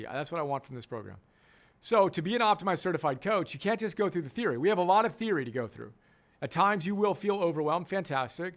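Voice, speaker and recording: A man's voice: fairly high pitch, expressive, quick pace, fairly bright tone. A middle-aged man, a coach and program founder, giving an emphatic teaching talk and repeating key phrases for effect.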